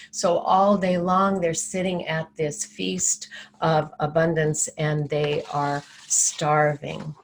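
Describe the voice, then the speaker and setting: A woman spiritual teacher giving a sermon, telling a story in a calm, storytelling manner. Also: fairly low pitch.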